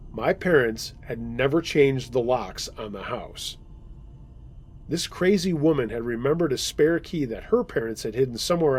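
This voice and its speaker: Male host, husky, mid-pitched, reading scary stories in a measured way. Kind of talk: scary story narration.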